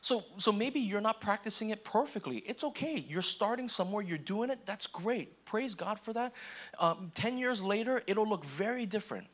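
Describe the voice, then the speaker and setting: A young man preaching a sermon in an easygoing, conversational way, often checking in with the congregation and acting out quick voices. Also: sits high, lively intonation, fairly bright tone. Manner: casual, repeats okay and restarts, acts out quoted voices. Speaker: pastor.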